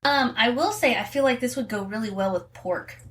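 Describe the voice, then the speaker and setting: Woman cohost, relaxed, tosses in little quips, sounds a little far from the mic. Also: on the high side, a little fast. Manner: easygoing, chimes in with quips. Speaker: podcast co-host. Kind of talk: casual chat over wine.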